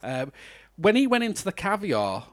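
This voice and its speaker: A man's voice: high voice, wildly swooping pitch, normal speed, no echo. A British man hosting a podcast, chatting casually about a film and laughing often. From Britain. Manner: chatty, laughs often, breaks into mock voices. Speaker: podcast host. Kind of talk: casual film review chat.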